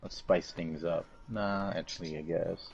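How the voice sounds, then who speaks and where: A man's voice: sits low, fairly even intonation, a little slow, vocal fry, breathy edge, dull audio. A teenage boy hosting a casual podcast over a voice call, laid-back and hesitant with lots of ums. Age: teens. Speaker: podcast host.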